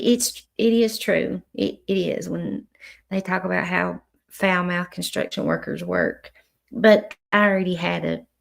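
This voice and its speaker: A middle-aged woman talking slowly and unhurriedly to her livestream viewers. Her voice is heavily gravelly with vocal fry. She speaks frankly, cusses freely and stumbles over restarts. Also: on the low side. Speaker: livestream host. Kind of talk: casual livestream chat with viewers.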